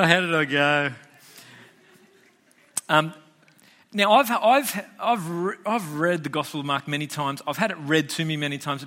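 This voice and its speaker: A man's voice: fairly high pitch, bright, forceful tone. A man preaching a casual, chatty sermon as a pastor, joking with listeners and restarting phrases often.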